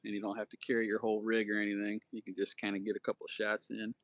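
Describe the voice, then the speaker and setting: A man's voice: fairly low pitch, monotone, racing, fairly bright tone, no echo. A man hosting a casual livestream, rambling in a laid-back way and saying "dude" and "man" a lot. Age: adult with children. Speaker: slingshot livestream host.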